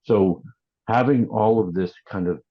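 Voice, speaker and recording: A man with a very deep voice speaks in a steady, measured way. He restarts his sentences often as he explains. The audio is somewhat muffled and lo-fi. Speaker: industry panelist. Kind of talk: panel discussion.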